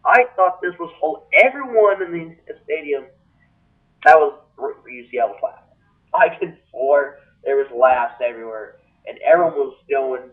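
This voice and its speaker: Man ranting in shrill bursts on a tinny webcam. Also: expressive, normal speed. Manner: exaggerated, jumps into shrill high-pitched outbursts. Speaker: comedy vlogger. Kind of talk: comic webcam rant. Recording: tinny lo-fi webcam audio, distant from the mic.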